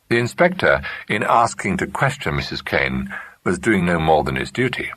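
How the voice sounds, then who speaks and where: A man giving a measured, expressive narration of a classic mystery novel. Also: sits low, no echo. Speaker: audiobook narrator. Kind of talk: scripted narration.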